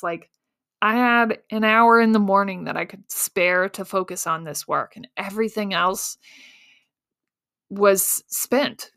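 A woman's voice: mid-range voice, fairly bright tone, dry recording, studio quality. A woman hosting a solo podcast, telling her story in a candid, self-mocking way with casual fillers. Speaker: podcast host.

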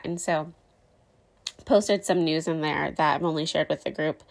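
A woman's voice: low-pitched, fairly even intonation, moderate pace, creaky. A woman in her thirties hosting a casual personal podcast, talking candidly and emotionally with lots of "like" and "um" fillers. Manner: chatty, many "like" and "um" fillers. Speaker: podcast host.

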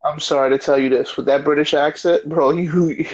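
A man's voice: a little high, steady tone, normal speed, darkish tone, muffled recording. An American man hosting a casual gaming chat, joking and hyped though tired late at night. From United States. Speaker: podcast host.

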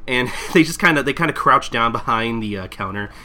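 A young man hosting a podcast, casually recapping manga chapters, laughing and acting out characters in quick voices. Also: mid-range voice, bright, forceful tone. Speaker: podcast host.

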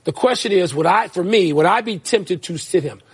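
A man in his sixties co-hosts a sports debate show, making his points with emphasis and breaking into laughter. His voice sits high and carries a husky edge. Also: brisk. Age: 60s. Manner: emphatic, laughing asides, reads show segments. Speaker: sports talk show co-host.

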